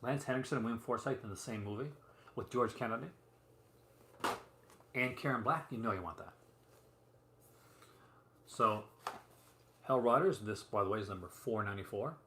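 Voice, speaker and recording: Pausing often at a moderate pace, a man with a lowish voice hosts a laid-back home live stream about the movie releases he owns on physical media. He's chatty and rambling, with many fillers and asides, and the room gives a roomy echo and faint background noise.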